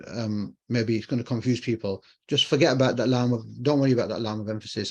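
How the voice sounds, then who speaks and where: A man gives an online Arabic lesson in a mid-range voice of darkish tone. He explains with patience, says key phrases more than once, and answers questions he puts to himself.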